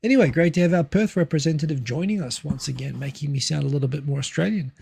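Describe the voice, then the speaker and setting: A New Zealand-accented man hosts a casual livestream, chatting through viewer comments. His voice is raised, mellow and gravelly, with a husky edge. He rambles, restarting sentences and filling gaps with ums. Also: on the high side, fast. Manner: rambling, many fillers and restarts. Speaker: livestream host.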